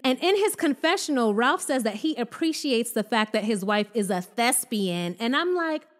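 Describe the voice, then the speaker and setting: A woman giving a sassy, exasperated recap of a reality show, her voice swinging up and down in pitch. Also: expressive, moderate pace, hardly any pauses. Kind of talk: casual commentary.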